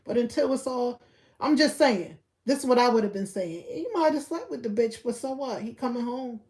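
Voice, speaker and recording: A young woman giving blunt, profane gossip commentary on a live stream, repeating her points and breaking into loud laughter. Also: a little high, moderate pace. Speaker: livestreamer.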